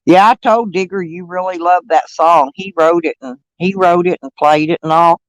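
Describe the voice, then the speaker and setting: A middle-aged man talks to his livestream viewers in a high, light voice, drifting from one topic to the next and breaking into laughter along the way. His speech is loose and full of fillers, and the sound is dry and close, with no room echo. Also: normal speed. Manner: rambling and chatty, laughing often, many fillers. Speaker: live streamer. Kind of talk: casual livestream chat with viewers.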